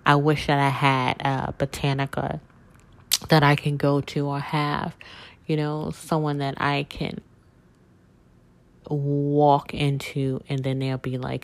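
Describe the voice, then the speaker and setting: A woman with a very deep, flat voice hosts her own podcast and talks slowly about what matters to her. She rambles warmly and sincerely, often circling back with fillers and self-corrections. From southern United States. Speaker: podcast host. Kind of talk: casual personal monologue.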